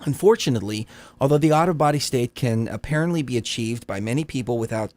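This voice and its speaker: A man co-hosting a casual live stream, joking with chat, laughing often and reading a document aloud haltingly. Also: mid-range voice, lively intonation, darkish tone, no echo. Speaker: livestream co-host.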